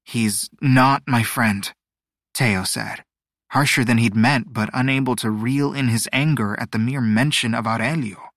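Male audiobook narrator, mid-pitched, super dry close mic, steady descriptive reading. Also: normal speed, dry recording. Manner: even, descriptive storytelling. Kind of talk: scripted narration.

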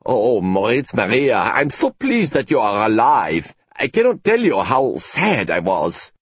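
A man voicing a timid, flustered German academic who stammers and apologises, with a husky voice. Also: mid-range voice, wildly swooping pitch, a little slow, no room sound, full character voice. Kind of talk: audiobook character reading.

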